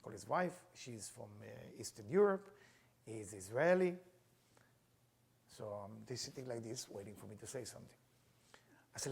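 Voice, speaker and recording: Husky-voiced man teaching Kabbalah. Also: mid-range voice, sing-song, normal speed, long pauses, darkish tone. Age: middle-aged. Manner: earnest, storytelling, plain non-native phrasing. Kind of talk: teaching with personal storytelling.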